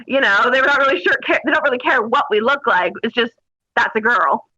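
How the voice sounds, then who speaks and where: A woman guest telling animated stories with frequent laughter. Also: sits high, fast. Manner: animated, laughing, mimics people in her stories. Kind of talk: casual storytelling. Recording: dull lo-fi audio.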